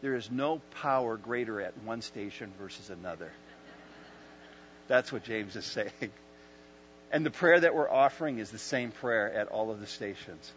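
A man preaching a sermon at an evening church service, moving from calm teaching to loud, impassioned storytelling and hushed moments. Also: on the low side, normal speed. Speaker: pastor. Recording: dull lo-fi sound with faint mains hum.

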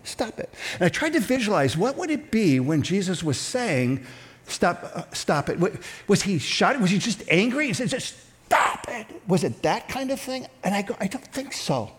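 A middle-aged man preaching a sermon in a church, conversational and animated, dropping to hushed tones for emphasis. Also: high-pitched, moderate pace. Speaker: pastor.

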